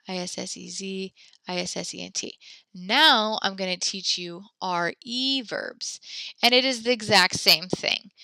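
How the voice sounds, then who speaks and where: A woman's voice: on the low side, pushed and bright, clear, resonant tone, dry recording. A woman teaching a French class from home, upbeat and chatty as she spells out verb endings letter by letter for her students. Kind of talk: online class lesson.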